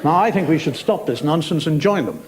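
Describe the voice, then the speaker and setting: A man's voice: fairly high pitch, expressive, fairly quick. A middle-aged man doing a stand-up comedy monologue on a TV stage, telling wry stories with bursts of mock outrage. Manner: wry storytelling with mock outrage, acts out voices. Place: TV studio stage before a live audience. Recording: noisy live TV recording with loud crowd. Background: audience laughter.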